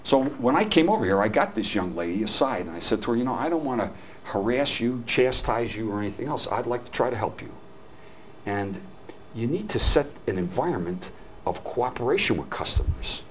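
A man's voice: medium pitch, sing-song, brisk, slight background noise, low-quality recording. An older man giving a live customer service training talk, telling folksy stories and acting out the quoted dialogue. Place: hotel meeting room.

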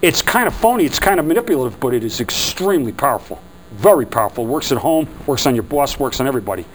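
A man leading a sales training seminar for a group, lively and acting out customer quotes. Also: medium pitch, fast talker, slight background noise, poor audio. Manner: animated, acts out customer quotes.

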